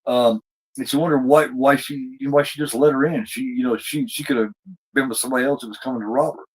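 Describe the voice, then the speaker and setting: A man's voice: medium pitch, fairly even intonation, fast talker, a little mellow, slightly rough, rough recording. A man casually recapping a TV episode as a podcast co-host, rambling with lots of fillers and restarts.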